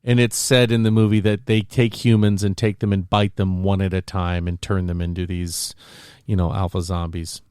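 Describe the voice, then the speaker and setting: Male podcast co-host, smooth and clear, animated storyteller acting out scenes. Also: sits low, moderate pace, no echo, studio quality. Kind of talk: casual chat.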